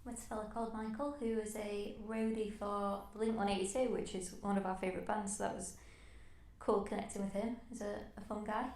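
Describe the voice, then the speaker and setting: A woman in her thirties co-hosting a podcast, telling stories in a lively, chatty way. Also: medium pitch, brisk. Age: 30s. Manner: lively storytelling, laughs easily. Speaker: podcast co-host. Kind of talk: casual chat. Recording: roomy echo.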